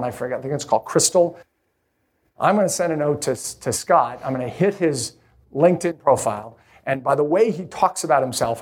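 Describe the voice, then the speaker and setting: Energetic middle-aged man giving a talk. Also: fairly high pitch. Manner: energetic, restarts often, acts out quoted voices. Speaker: venture capitalist speaker. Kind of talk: live talk to an audience.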